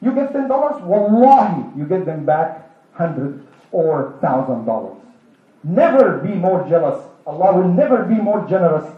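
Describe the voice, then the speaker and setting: A man delivers an interactive sermon, throwing questions at the room and answering them himself. His voice is high and leaps up and down in pitch. He sounds distant and muffled, with heavy echo from a large hall. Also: sing-song, normal speed. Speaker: preacher. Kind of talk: interactive sermon to a live audience. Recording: echoey hall, distant dull mic.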